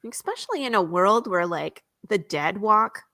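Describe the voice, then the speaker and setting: A woman comics creator, a guest chatting casually and retelling her comic's pages in an animated way. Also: mid-range voice, normal speed, no echo, clean studio sound. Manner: animated storyteller, voices characters, laughs often.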